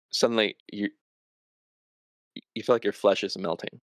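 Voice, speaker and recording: A man narrating a tabletop role-playing game as game master, in a dramatic, measured way. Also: on the low side, steady tone, smooth, dry recording, clean studio sound.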